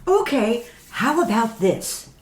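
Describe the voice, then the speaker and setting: A woman playing a brisk, lively promoter. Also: fairly high pitch. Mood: upbeat. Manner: upbeat, lively, salesy. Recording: roomy echo.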